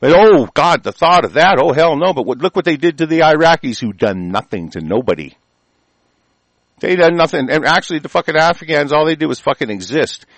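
A man delivering an angry, profane monologue, swinging between shouted bursts and low mutters. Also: lively intonation, brisk, dry recording.

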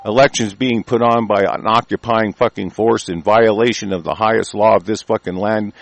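A man hosting his own show, delivering an angry, profane rant. He breaks into shouted bursts and stumbles through halting restarts. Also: lowish voice, fairly even intonation, vocal fry, no echo. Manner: halting, many ums and restarts. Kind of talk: profane ranting commentary.

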